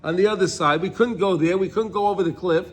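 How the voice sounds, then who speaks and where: A man teaching a Torah class, reading Hebrew lines and explaining them in English with many restarts, sometimes crying out loudly. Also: high-pitched, quick pace, husky. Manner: animated, cries out loudly when acting out a prayer.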